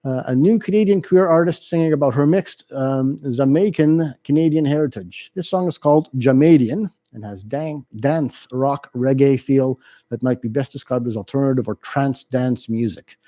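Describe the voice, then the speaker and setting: A man's voice: mid-range voice, moderate pace, mellow, no echo. A man hosting a community radio show, casually reading listener emails and introducing songs with frequent ums. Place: radio studio. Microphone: studio microphone.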